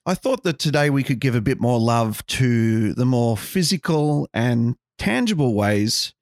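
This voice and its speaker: A man's voice: mid-range voice, animated, a little slow, a little mellow, dry recording, clean studio sound. A man hosting a podcast, talking through ideas in a casual, wry and musing way with sarcastic asides. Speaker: podcast host.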